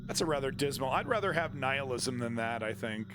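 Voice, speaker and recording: A man's voice: mid-range voice, lively intonation, a little fast, music in the background. A man commenting on news during a livestream, talking in a crude, irreverent and mocking way.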